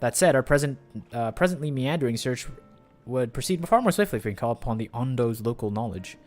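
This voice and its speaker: A man's voice: medium pitch, expressive, fast talker, a little mellow, soft background music, close to an everyday voice. A man reading as a polite young scholar. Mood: earnest. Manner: formal, polite read-aloud.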